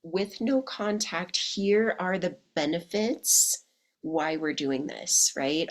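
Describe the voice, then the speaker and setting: A woman in her thirties coaching listeners in a chatty podcast monologue, her voice slightly hoarse from illness. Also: fairly low pitch, slow. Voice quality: husky. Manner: chatty, calls listeners "my darlings" and "ladies". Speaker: dating coach. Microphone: podcast microphone.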